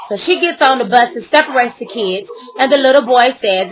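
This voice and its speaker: A woman's voice: on the high side, lively intonation, normal speed, low-quality recording. A middle-aged woman ranting to camera, heated and blunt, with a lot of swearing. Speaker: vlogger.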